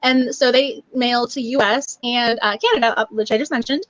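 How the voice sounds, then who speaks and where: A young woman with a high voice hosts a book club live stream in a bubbly, gushing way, full of fillers. The sound is dry and close. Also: moderate pace, fairly bright tone, no room sound, low-quality recording. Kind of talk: casual live stream chat.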